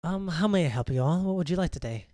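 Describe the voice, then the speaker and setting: A man's voice: on the high side, expressive, quick pace, a little mellow, no echo, studio quality, pitched above the performer's own voice, close to an everyday voice. A man voicing a courteous young female bakery waitress taking orders in a tabletop game. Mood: polite. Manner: courteous, customer-service politeness.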